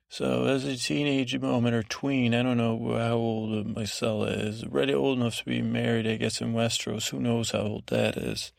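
A man's voice: medium pitch, little pitch movement, moderate pace, creaky, few pauses, no echo, clean studio sound. A man hosting a podcast meant for falling asleep, meandering through a self-deprecating recap of a show full of fillers. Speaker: podcast host. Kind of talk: rambling bedtime show recap.

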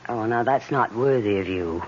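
An actress playing a wealthy woman in a 1970s radio drama, speaking in a brisk, teasing, impatient way. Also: rumbling low. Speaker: wealthy woman courting her suitor. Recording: dull old radio broadcast with hiss.

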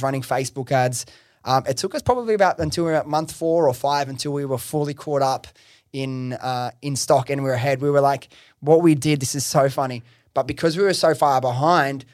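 A young man, a podcast host taking the guest seat, tells his business story in a lively, slangy way with frequent swearing and fillers. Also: a little high, no room sound, clean studio sound. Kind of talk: casual interview storytelling.

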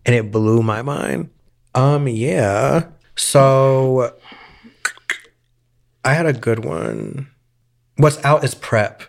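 A man co-hosting a podcast, chatting casually with campy, opinionated, deadpan asides. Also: medium pitch, drawn-out words, gravelly, long pauses. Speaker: podcast co-host. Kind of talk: casual chat.

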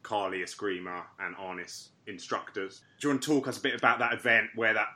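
A man's voice: lowish voice, level tone, fast, pushed and bright. A man hosting an interview, reading out listener questions in a jokey, dry way. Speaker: podcast host.

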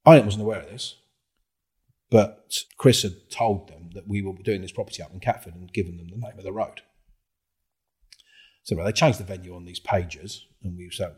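A man's voice: sits low, normal speed, husky. A man, a former undercover police officer, telling his stories in a casual interview, swearing freely and acting out what others said. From England. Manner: swears a lot, acts out other people's lines with lively quoted voices.

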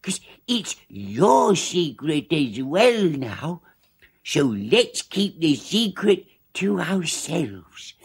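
A timid male hippo puppet from an old children's TV show. He talks very slowly in a soft, breathy voice, and his pitch lifts and dips all over the place. He sounds hesitant and secretive. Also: big pitch swings, heavily acted. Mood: confiding. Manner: slow, timid, confiding.

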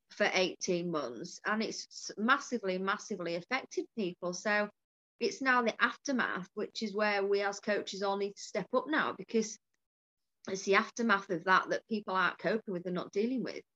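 Candid woman, dull lo-fi sound. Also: mid-range voice. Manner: candid, animated storytelling with swearing and laughter. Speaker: podcast host and coach. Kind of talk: casual conversation.

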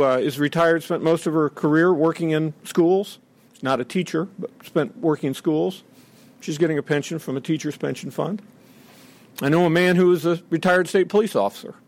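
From a podium, a middle-aged man makes an indignant, emphatic public speech and dramatically acts out quotations. His voice is fairly high with vocal fry.

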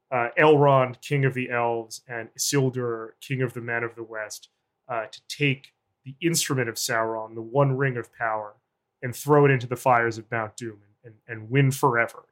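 Guy being interviewed, mid pitch, slow careful analytic run-on sentences. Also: a bit bright. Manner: long deliberate analytic sentences. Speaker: guest journalist.

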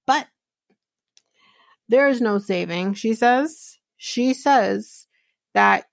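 A woman hosting a podcast, casually recapping a reality show episode with many fillers and quick asides. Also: a little high, wildly swooping pitch, vocal fry, no room sound, studio quality.

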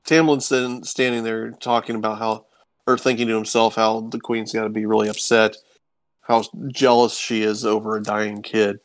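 A man's voice: fairly low pitch, no room sound. Laid-back man recapping a comic. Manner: relaxed storytelling, paraphrases characters in quick asides, laughs easily. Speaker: comic book podcast co-host. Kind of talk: casual chat recapping a comic.

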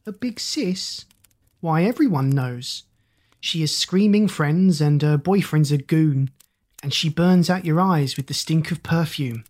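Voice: medium pitch, unhurried, darkish tone, natural voice. A reader doing a chirpy little boy. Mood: cheeky. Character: cheeky young boy, unafraid.

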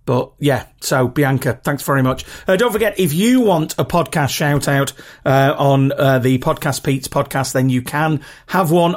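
A man with a regional British accent hosting a podcast in a chatty, rambling, self-deprecating way. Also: a little high. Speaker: podcast host. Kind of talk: casual solo podcast talk.

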